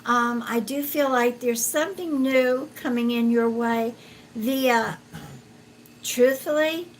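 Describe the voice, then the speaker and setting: A woman psychic reads cards for viewers on a live stream, speaking very slowly in a gentle, slightly high voice. She pauses often with fillers and calls people sweetheart. A faint hiss of room noise sits under her home recording. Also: poor audio. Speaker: psychic reader. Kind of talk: live-stream card reading.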